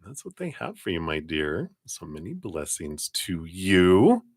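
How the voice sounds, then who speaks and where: Tarot reader, male, very deep voice, dry close sound, meandering delivery with plenty of ums and laughs. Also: wildly swooping pitch, unhurried, no echo. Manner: meandering, many fillers and self-corrections; laughs often between remarks. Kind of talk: live-stream card reading.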